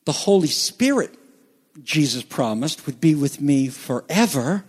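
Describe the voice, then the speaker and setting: A man preaching a sermon, swinging between hushed, slow passages and rising, emphatic peaks. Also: fairly high pitch, sing-song, breathy edge. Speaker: pastor.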